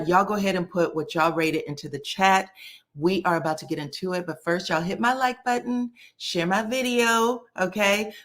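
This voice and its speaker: A young woman giving a casual, slangy recap of a reality TV episode, acting out the lines she retells. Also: mid-range voice. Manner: animated, slangy, acts out the quotes she retells. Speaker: YouTube reality TV reviewer.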